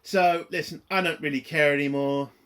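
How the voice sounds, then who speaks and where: A man's voice: fairly high pitch, fairly even intonation, moderate pace, fairly bright tone, smooth. A man ranting in a profane, exasperated and rambling way while reviewing a TV episode.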